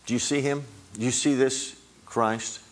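A man's voice: medium pitch, steady tone, a little slow. A middle-aged man preaching a sermon, emphatic and climbing on repeated words.

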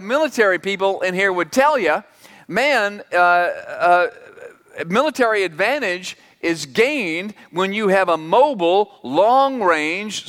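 A man's voice: high voice, fairly bright tone. A man preaching a sermon in an emphatic, conversational way, asking the congregation rhetorical questions. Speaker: pastor. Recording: reverberant hall.

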